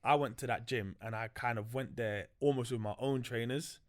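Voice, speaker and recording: A man's voice: mid-range voice, steady tone, moderate pace. A young man, a podcast guest telling a story in a loose, slangy way with many fillers. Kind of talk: casual storytelling chat.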